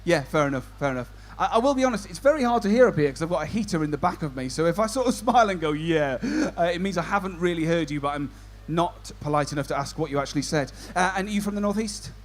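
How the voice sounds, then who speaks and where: A man's voice: fairly high pitch, expressive, rapid-fire, hardly any pauses. A man compering a stand-up comedy show, doing cheeky banter with the audience. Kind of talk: crowd work stand-up.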